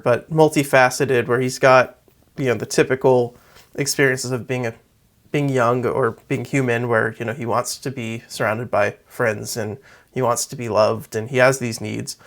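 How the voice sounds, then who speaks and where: Male co-host, middle pitch, measured reflective delivery in casual chat. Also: a bit bright. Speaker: podcast co-host. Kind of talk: casual book discussion.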